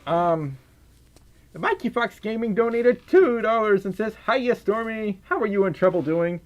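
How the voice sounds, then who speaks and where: A man's voice: high voice, lively intonation, measured pace, highs cut off. A man from Mississippi with a Southern accent, casually chatting on a livestream and reading out donations, tired, giggly and a little silly. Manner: silly and giggly, often trails off and restarts. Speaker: livestream host.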